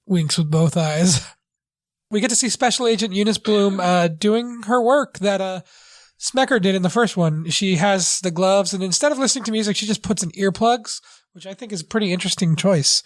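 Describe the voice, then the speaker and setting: Halting man recapping a movie. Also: sits high. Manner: halting, full of fillers and restarts. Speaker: podcast co-host. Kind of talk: casual movie review chat.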